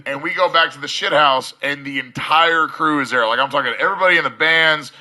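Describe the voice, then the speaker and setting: Podcast guest, male, slightly high voice, bright and forceful, profane rambling storyteller. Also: fast. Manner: profane, rambling, acts out dialogue. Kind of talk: casual storytelling.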